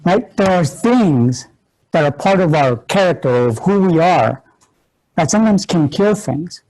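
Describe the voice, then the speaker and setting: A man's voice: a little high, lively intonation, measured pace, a little mellow, rough recording. A male ministry instructor who teaches through stories, joking and laughing at himself before an audience. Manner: humorous, laughs often, self-mocking. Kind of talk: teaching session with personal stories.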